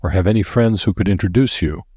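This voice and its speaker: Imagine a man reading a pompous, condescending senior physician in a storybook, his deep voice turning haughty and dismissive. The tone has a husky grain and sits dry and close, with no room around it. He talks down to his listener. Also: fast talker, dark tone, no room sound.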